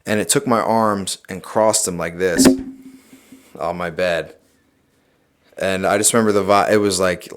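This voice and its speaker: A young adult man, a podcast guest, telling a personal story in a casual, animated way, swearing often and saying "dude" a lot. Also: sits low, unhurried, pauses often, slight background noise.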